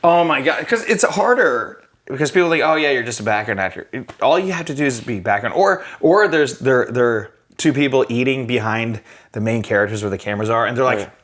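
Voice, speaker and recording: A man hosting a casual movie review chat, animated, laughing often and acting out characters' lines. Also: mid-range voice, a little fast. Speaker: podcast host and filmmaker.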